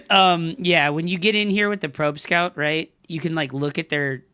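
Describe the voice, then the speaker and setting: A young man streaming a strategy game live, commenting on his play with excitable, profane outbursts and talking to his chat. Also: a little high, moderate pace, smooth. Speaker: streamer and coach.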